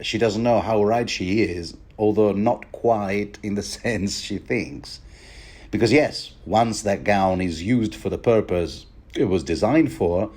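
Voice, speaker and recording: Rambling man with a low voice. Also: a little mellow. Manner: wry, conversational, frequent stammered restarts. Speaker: podcast host. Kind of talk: rambling book chapter commentary.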